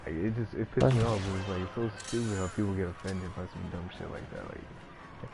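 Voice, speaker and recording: A man's voice: low-pitched, quick pace, gravelly, over music. A man giving casual gameplay commentary, ranting in a rambling, profane way and packing his talk with filler words. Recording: noisy background.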